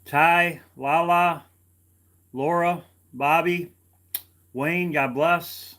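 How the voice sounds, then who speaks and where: Slow-talking man greeting viewers. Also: on the high side, steady tone, fairly bright tone. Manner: slow, halting, repeats himself with fillers. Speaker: online video host. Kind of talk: casual livestream talk greeting viewers.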